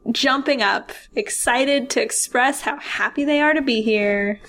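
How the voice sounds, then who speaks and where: A woman's voice: high voice, measured pace, a bit bright, a little hiss or hum. A woman in a casual comic chat on a video call, giddy and self-deprecating. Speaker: podcast guest.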